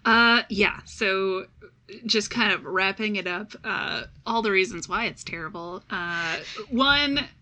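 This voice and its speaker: A young woman co-hosting a casual podcast, talking in a chatty, halting way with restarts and laughs. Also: medium pitch, pushed and bright. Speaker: podcast co-host. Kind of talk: casual chat.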